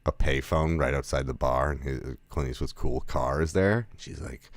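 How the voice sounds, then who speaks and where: A man's voice: a bass voice, normal speed, no echo. A man giving a casual movie review, rambling with lots of fillers, restarts and chuckling asides. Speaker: film reviewer.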